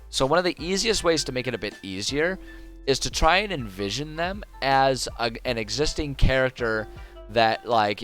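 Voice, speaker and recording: A man's voice: medium pitch, fairly bright tone. A young adult man from the United States, streaming and rambling through world-building notes, thinking aloud with lots of fillers and restarts. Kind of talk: casual livestream talk while world-building.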